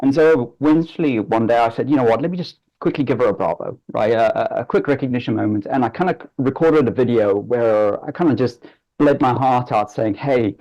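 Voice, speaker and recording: A man's voice: medium pitch, a little fast, warm tone, muffled recording. A man on a work panel telling a personal story in an earnest, emotional, chatty way. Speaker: panel guest.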